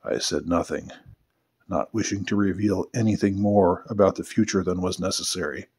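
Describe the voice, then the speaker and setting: Man, deep voice, husky tone, measured first-person audiobook reading, subdued delivery. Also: darkish tone. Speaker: author reading his own novel.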